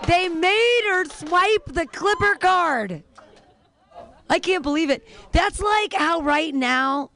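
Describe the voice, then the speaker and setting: A woman's voice: very high voice, takes it slowly, pushed and bright, dry recording. A woman hosting a comedy show, introducing comedians in a playful, giggly way.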